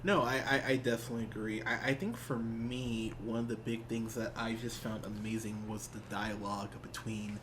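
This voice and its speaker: A man's voice: lowish voice, fairly even intonation, normal speed, few pauses, background noise. Joking man in a casual movie chat. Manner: loose and joking, with frequent restarts. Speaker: podcast co-host.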